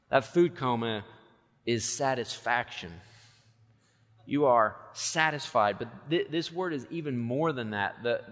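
A man preaching a sermon, earnest, with quick asides and slow emphatic lines. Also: mid-range voice, a bit bright, big-room sound. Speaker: pastor.

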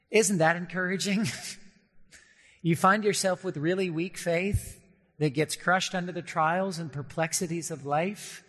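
A man's voice: a little high, a bit bright. Earnest preacher man in a reverberant hall. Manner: earnest, slows down for emphasis, acts out quoted voices. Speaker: pastor. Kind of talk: sermon.

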